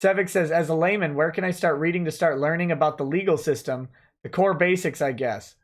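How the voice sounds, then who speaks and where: A man's voice: a little high, a little fast. A man hosting a casual livestream, reading out viewer chat messages and answering them offhand as a lawyer. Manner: reads chat messages aloud and replies offhand.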